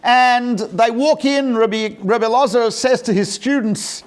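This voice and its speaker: A man's voice: extremely high pitch, measured pace, clean tone. A man, a rabbi, giving a storytelling lecture in a conversational way, with humorous asides.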